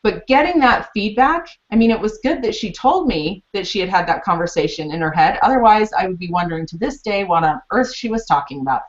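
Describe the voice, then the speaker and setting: A woman presenting a teaching webinar, explaining steps in a chatty, storytelling way. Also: medium pitch. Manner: chatty storytelling, animated retellings. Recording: muffled lo-fi webinar audio.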